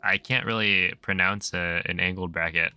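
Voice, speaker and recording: Low-voiced streamer joking with chat. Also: male voice, steady tone, moderate pace, sharp tone, clean tone. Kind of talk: casual chat while gaming.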